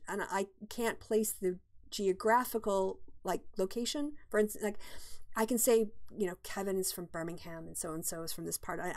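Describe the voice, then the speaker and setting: A woman's voice: mid-range voice, darkish tone. A middle-aged woman hosts a casual livestream from home and answers questions from the chat. She rambles and thinks aloud, with frequent ums and restarts. She speaks into a desktop microphone in a mid-range voice. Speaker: livestream host.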